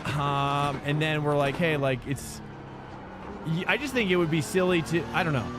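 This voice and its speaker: Sim racing streamer, male, slightly high pitch, loose rambling chat, music bed behind. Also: normal speed. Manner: rambling, chatty, talks to chat. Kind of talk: casual live-stream chat. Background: background music.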